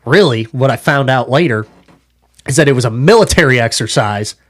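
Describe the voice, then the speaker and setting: A man's voice: mid-range voice, a little fast. A young man, a podcast guest, telling wild stories from his younger days in a loose, profane way. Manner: profane, animated storyteller. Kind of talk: casual storytelling.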